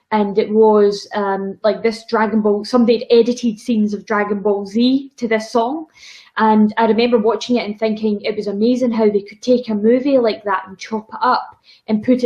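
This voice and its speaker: Scottish lass in her 20s chatting away in an interview, bit high pitched, animated. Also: muffled recording. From Scotland. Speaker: guest, YouTube vlogger. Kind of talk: casual interview chat.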